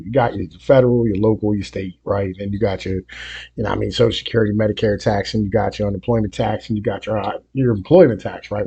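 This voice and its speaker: A gravelly, husky voice on the low side, with the highs cut off, belongs to a man from Appalachia reacting to music on video. Profanity and fillers like "you know what I mean" fill his rambling rant, which turns heated and louder over time.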